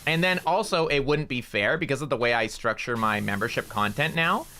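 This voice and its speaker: A man's voice: a little fast, pushed and bright, slight background noise. A man from Canada chatting casually while streaming a game, rambling, swearing now and then, and cooing at his cats. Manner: coos at cats in a high voice. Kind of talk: casual gaming livestream chat.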